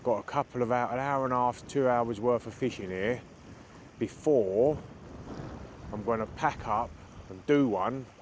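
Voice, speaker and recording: The mic is full of heavy wind noise as this man, an angler vlogger from the United Kingdom, chats casually to the camera about his fishing. He's outdoors on an open beach at night in a strong, cold wind, speaking a little slowly in a medium-pitched, slightly mellow voice.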